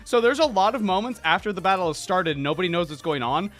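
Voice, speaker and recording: A man co-hosting a casual podcast while painting miniatures. He talks in an animated way, swearing freely and telling stories quickly. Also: sits high, soft background music. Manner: animated, swearing, fast storytelling. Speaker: podcast co-host.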